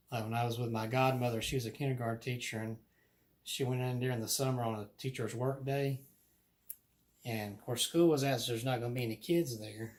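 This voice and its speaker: Man, casual storyteller, chatty, laughs often, voice of medium height. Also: mid-range voice. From Alabama. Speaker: guest telling ghost stories.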